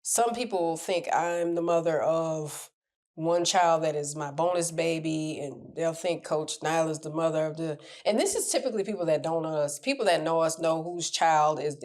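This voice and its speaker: A woman coaching on relationships, talking candidly and animatedly to camera in a casual advice chat. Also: deep voice. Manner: candid, animated, laughs at her own stories.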